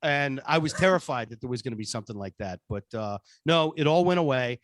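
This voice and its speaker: A radio personality being interviewed, telling a story casually and acting out the dialogue in voices. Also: male voice, medium pitch, fast, no room sound, clean studio sound. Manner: animated, laughing, acts out dialogue in voices. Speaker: radio show personality, guest.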